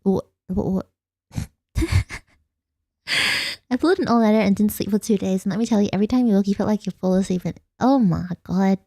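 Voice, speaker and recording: A woman's voice: mid-range voice, brisk, long pauses, warm tone, no echo, studio quality. A young Australian woman streaming a casual late-night chat, rambling and giggling as she answers her viewers. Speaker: vtuber streamer.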